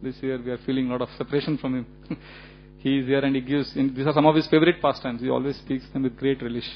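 A man giving a religious lecture, telling stories in an animated way with frequent chuckles and casual fillers. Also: medium pitch, fast. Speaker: speaker giving a temple lecture. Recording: dull lo-fi recording with faint hum.

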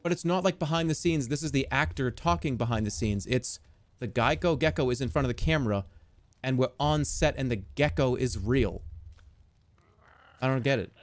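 A man streaming a strategy game, excitable and swearing, yelling commands at his units. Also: medium pitch, moderate pace, no room sound. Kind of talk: live gameplay commentary.

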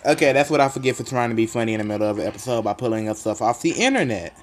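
Excitable young-sounding man commentating a game. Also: medium pitch, rapid-fire. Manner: excitable, jokey, with loud sudden outbursts. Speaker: gaming commentator. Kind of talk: live gameplay commentary.

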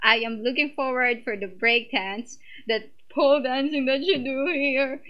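A woman's voice: high-pitched, unhurried, dull audio. A young woman hosting a reaction video, gushing over what she watches, exclaiming and swearing often. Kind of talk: reaction commentary.

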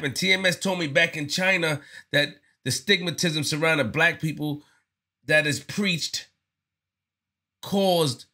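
A man's voice: fairly high pitch, bright, forceful tone. A man giving casual spoken commentary on his channel, earnest and slangy, often repeating himself as he talks it through. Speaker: vlogger.

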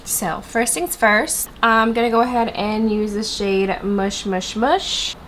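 A woman's voice: medium pitch, slow pace, fairly bright tone, slight background noise. A woman sounding stuffy and congested, chatting to viewers in a sit-down makeup review vlog. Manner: bubbly and chatty, addressing viewers directly. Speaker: beauty vlogger.

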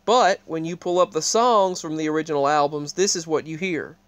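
High, smooth-voiced man talking to camera. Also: a little fast, dry recording. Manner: rambling, with frequent restarts; points viewers to what is on screen. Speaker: video creator. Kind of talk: casual talk to camera.

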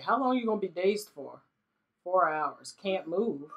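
A woman giving casual let's-play commentary on a life-sim game, laughing often and briefly voicing the characters. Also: lowish voice. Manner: giggly, animated, voices characters in quick asides. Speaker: gaming YouTuber.

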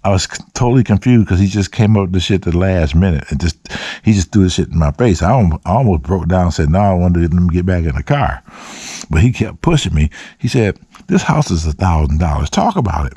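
A man's voice: deep voice, lively intonation, fairly quick, warm tone, breathy edge, dry recording. A man telling a long, profane personal story in a casual vlog, often voicing quotes. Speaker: vlogger. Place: dark room.

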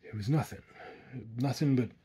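A man voicing a grim, uneasy backwoods guide who talks in rough, hushed backwoods speech. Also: medium pitch, normal speed.

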